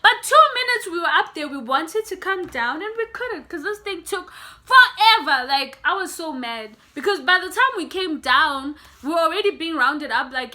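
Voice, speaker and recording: A young woman tells a story to her viewers in a casual, animated way. Her voice sits high and sounds very bright and sharp. She keeps calling out to her audience as she talks. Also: normal speed. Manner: animated, addresses viewers as guys. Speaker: vlogger.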